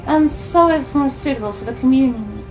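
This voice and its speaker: A woman's voice: high voice, fairly quick, over music, rough recording. A woman reading the lines of a solemn noble female navigator with a warp eye, in formal, archaic speech. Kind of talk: reading game dialogue aloud.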